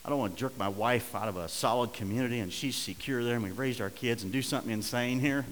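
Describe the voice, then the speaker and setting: A middle-aged man preaching a sermon, telling a story and swinging between hushed and loud, urgent passages. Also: medium pitch, fast talker, in a large hall, slight background noise, rough recording. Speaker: pastor.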